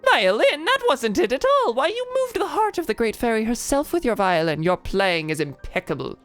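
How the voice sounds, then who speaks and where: A woman voicing an excitable male bandleader of a traveling music troupe in a video game, theatrical and effusive. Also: fairly high pitch, moderate pace, voice pushed up.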